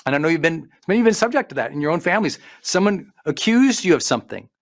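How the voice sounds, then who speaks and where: A middle-aged man, a performance coach, giving an emphatic motivational talk with slowed-down stresses and listed points. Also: a little high, sing-song. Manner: emphatic, preachy delivery with slowed stresses and lists.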